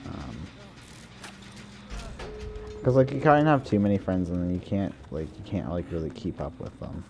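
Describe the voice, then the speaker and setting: A male streamer chatting casually while he plays a game, relaxed and prone to trailing off. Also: low voice, normal speed, vocal fry, muffled recording. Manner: laid-back, trailing off and asking questions. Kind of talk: casual chat while gaming. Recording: noisy background.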